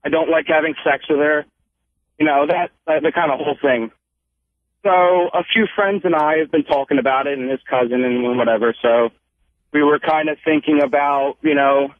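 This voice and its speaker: A man's voice: on the high side, lively intonation, normal speed, no room sound. Rambling male caller on a tinny phone line. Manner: rambling, full of fillers.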